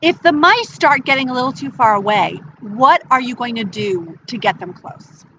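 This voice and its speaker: A woman voicing a kind, naive lady who trains circus mice, talking in an excited, gushing way. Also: normal speed, a little hiss or hum, poor audio. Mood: concerned. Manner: excited, gushing, high-pitched.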